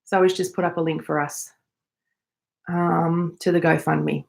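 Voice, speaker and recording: A woman's voice: lowish voice, flat delivery, measured pace, vocal fry. An Australian woman hosting a casual live chat from home, chatting and reading out viewer messages. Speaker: podcast host.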